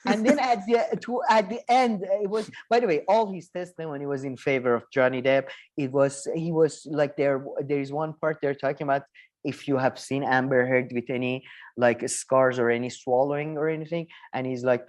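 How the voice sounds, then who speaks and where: Rambling, animated male podcast co-host. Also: a little high, normal speed. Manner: rambling, animated storytelling with laughter. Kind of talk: casual chat.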